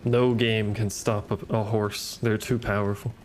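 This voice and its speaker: A man's voice: fairly low pitch, flat delivery, a little slow, slight background noise. A man giving casual, sarcastic gameplay commentary, muttering and swearing at the game as he plays. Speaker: gaming streamer. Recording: game music behind voice. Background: game music.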